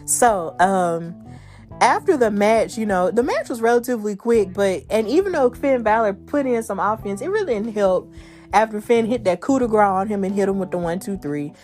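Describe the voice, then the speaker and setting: A woman's voice: medium pitch, animated, moderate pace, a little mellow, faint music behind. A woman hosting a podcast, recapping the week's wrestling shows in a chatty, slangy way and laughing at her own jokes. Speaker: podcast host.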